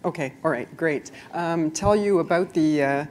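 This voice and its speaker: A woman diplomat giving a friendly, clear conference presentation. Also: sits low, moderate pace, a little mellow, a little hiss or hum. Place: conference room before an audience.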